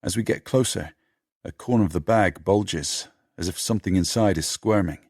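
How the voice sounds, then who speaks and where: A man narrating an audiobook in a steady, measured storytelling manner. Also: low-pitched, slightly rough, dry recording, studio quality.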